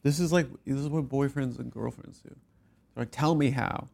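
Man, podcast co-host, teasing, pushy, gravelly voice. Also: medium pitch, fairly quick, dark tone, slight background noise. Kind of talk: casual comedic banter.

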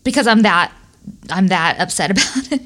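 A woman's voice: mid-range voice, lively intonation, normal speed, bright, forceful tone. A woman in her forties co-hosting a podcast, telling stories in a chatty way with lots of "like" fillers. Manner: chatty storytelling, many "like" fillers. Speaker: podcast co-host. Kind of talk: casual chat.

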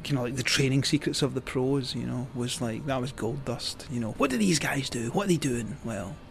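A Scottish man recalls his years on the road at a relaxed, rambling pace, full of fillers and restarts. His voice sits at an ordinary middle pitch, and a faint ambient hum runs underneath. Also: fairly quick, vocal fry. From Scotland. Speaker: guest, cycling journalist. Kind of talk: casual storytelling.

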